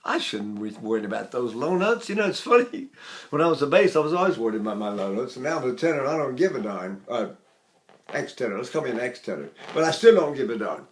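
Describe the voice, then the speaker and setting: A man's voice: medium pitch, sing-song, fast. An older man teaching singing, chatting casually and breaking into sung syllables to demonstrate. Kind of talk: vocal lesson with sung demonstrations.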